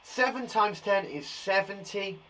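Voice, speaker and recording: A man's voice: high-pitched, unhurried, bright, forceful tone, slight background noise, poor audio. Upbeat male teacher. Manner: encouraging, chatty and reassuring. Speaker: primary school teacher. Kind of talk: live children's maths lesson.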